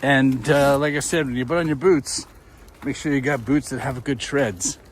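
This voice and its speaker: A man's voice: mid-range voice, moderate pace. Middle-aged male vlogger, mid-range voice, casual walk-and-talk, slightly winded, faint outdoor hiss behind. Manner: chatty, easygoing, talks to viewers while hiking. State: a little out of breath. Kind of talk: casual walking vlog. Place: muddy forest trail outdoors, windy.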